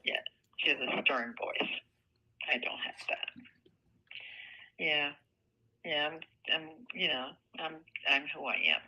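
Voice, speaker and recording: An older woman with a soft, light voice, talking bluntly and laughing often in a casual phone conversation. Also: deep voice, lively intonation, takes it slowly, pauses often. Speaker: home seller on a phone call. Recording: tinny phone line.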